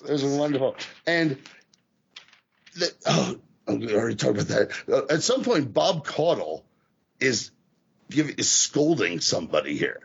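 A man co-hosting a casual wrestling podcast, talking in an animated, profane way and acting out the voices he quotes. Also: medium pitch, measured pace, creaky, long pauses, husky, muffled recording. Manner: animated, swears a lot, acts out quoted voices. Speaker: podcast co-host.

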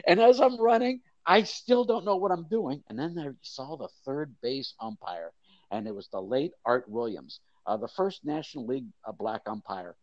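An older man who tells his story with a lively, swooping voice, jumping up for the crowd's cries and dropping low for asides. The sound is dry and a little dull, like lo-fi interview audio. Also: moderate pace, no room sound. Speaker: guest, mascot performer.

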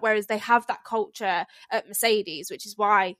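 A woman co-hosting a podcast, talking in an animated, opinionated way and quick to laugh. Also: medium pitch, no room sound. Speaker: podcast co-host. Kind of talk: casual chat.

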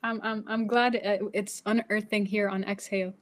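A woman hosting an interview, gently prompting her guest with encouraging questions. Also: mid-range voice, little pitch movement, moderate pace, dry recording. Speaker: podcast host.

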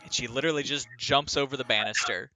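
A man narrating a tabletop game as game master, animated and laughing often. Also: medium pitch, fast talker, a little hiss or hum.

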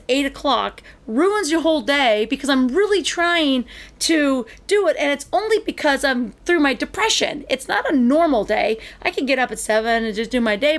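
A woman's voice: high voice, a bit bright. A middle-aged woman in casual chat, ranting animatedly as she tells a story and acts out both sides of the exchanges.

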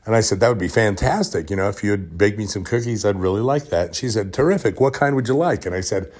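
A man hosting a podcast, telling a deadpan workplace story in a casual, joking way and dropping into whispers to act out the scenes. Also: on the low side, quick pace. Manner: deadpan, joking storyteller who drops into whispers when retelling. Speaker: podcast host.

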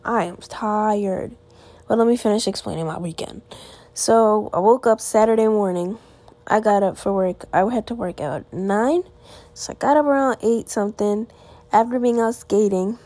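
A woman's voice: mid-range voice, mellow. A teenage girl hosting her own podcast, sounding tired and rambling through her weekend with lots of "like" fillers and restarts. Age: teens. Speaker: podcast host. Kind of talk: casual solo podcast chat. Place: at home.

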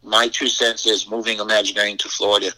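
Older man, rambling anecdotal storytelling, very bright tone. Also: fairly low pitch, flat delivery, fast, low-quality recording. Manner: rambling, repeats words, frank asides. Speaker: interview guest.

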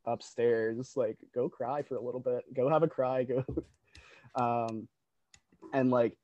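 A man's voice: mid-range voice, fairly even intonation, slow, a little mellow, no room sound, lo-fi sound. A man who is a guest on a podcast, chatting casually and reflectively about the restaurant industry, laughing readily.

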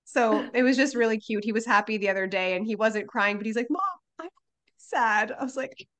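A woman's voice: on the high side, fairly even intonation, fast talker, fairly bright tone. A woman in her thirties, a podcast host, chatting candidly about her own life in an interview. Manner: chatty, candid, many fillers.

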